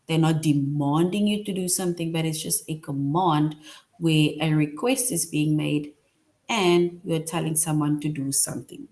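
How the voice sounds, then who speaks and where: A woman's voice: low voice, fairly even intonation, a little mellow. A woman teacher explaining a grammar lesson to young children, patient and repetitive, often checking in with "right?". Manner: patient, repeats points, tags "right?" often; slow, deliberate.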